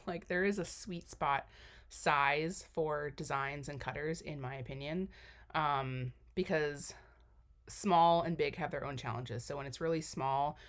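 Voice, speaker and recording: A young woman giving a casual, rambling voiceover for a cookie decorating tutorial, full of fillers and self-deprecating asides. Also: deep voice. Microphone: voiceover mic.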